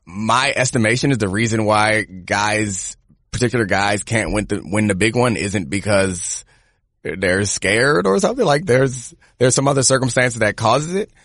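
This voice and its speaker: A man's voice: fairly low pitch, moderate pace, fairly bright tone, no room sound, clean studio sound. A man who once played pro football co-hosts a podcast, reasoning through football talk in a laid-back way and laughing often. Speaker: podcast co-host, former player. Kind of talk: casual sports analysis.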